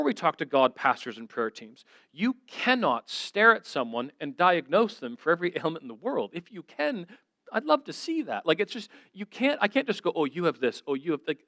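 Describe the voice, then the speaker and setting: A man with a somewhat high voice gives a church talk, recorded close and dry. He tells stories in a lively, self-deprecating way, acting out the back-and-forth of each conversation. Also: dry recording. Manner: animated, self-deprecating storyteller acting out dialogue. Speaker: guest speaker.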